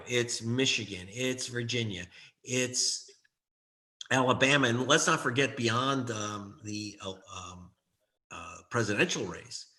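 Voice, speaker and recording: A man's voice: medium pitch, sharp tone. A middle-aged man, an author and journalist, speaking as an interview guest in an impassioned, emphatic way that repeats key phrases.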